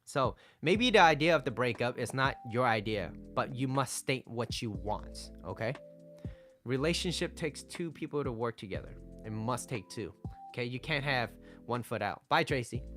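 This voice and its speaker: A man's voice: mid-range voice, a bit bright. Blunt man giving dating advice. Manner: blunt, emphatic, tags lines with "right?" and "okay?". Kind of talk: direct-to-camera advice monologue.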